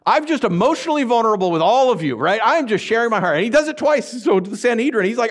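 A man preaching a sermon, telling stories in an animated way, acting out voices and laughing often. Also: high voice, fast talker, few pauses. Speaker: pastor.

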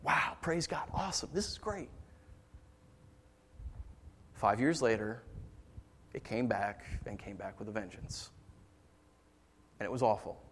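A man preaching a sermon as pastor, moving between quiet storytelling and raised, impassioned passages. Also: medium pitch, a little slow, pauses often, a little hiss or hum.

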